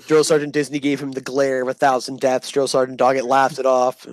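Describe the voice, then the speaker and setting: A man's voice: mid-range voice, fairly quick, dry recording. A man casually telling a profane story in a vlog, acting out the people he quotes. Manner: animated, profane, acts out quoted voices. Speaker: storyteller recounting army basic training.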